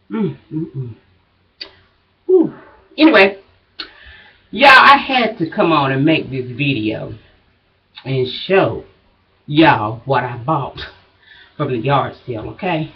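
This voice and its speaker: Woman, out of breath, folksy vlog chat, muffled distant sound. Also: sits low. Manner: chatty, folksy, drawling asides. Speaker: vlogger. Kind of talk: casual chat to viewers. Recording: dull, distant home recording.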